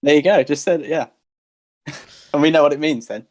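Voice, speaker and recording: A man's voice: a little high, brisk, background noise. A man co-hosting a casual chat on a video call, teasing and laid-back.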